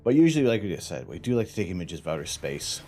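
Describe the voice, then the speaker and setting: A man's voice: low voice, very animated, fast talker, dark tone, faint music behind. A man hosting a casual astronomy livestream from home, joking and laughing as he chats with viewers. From Canada.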